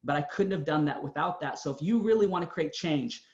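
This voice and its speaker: A man with a fairly high voice gives an earnest motivational talk, pressing his points with emphasis as he tells his own story. The sound is dull and lo-fi. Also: brisk, roomy sound. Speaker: motivational speaker.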